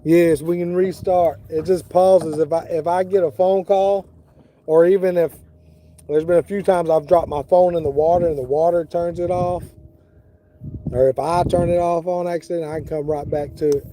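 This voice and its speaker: Middle-aged man, casual livestream chat, fairly high voice, mellow tone, outdoors on a boat. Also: steady tone, normal speed, slight background noise. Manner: laid-back, talks to viewers by name. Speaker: fishing livestreamer. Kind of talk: casual live-stream chat.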